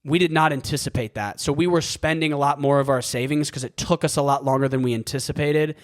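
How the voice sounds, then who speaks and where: A man's voice: medium pitch, fairly even intonation, fast. A young American man hosting a podcast alone, talking in a loose, rambling way, full of fillers and casual swearing. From United States. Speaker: podcast host. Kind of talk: casual solo podcast monologue.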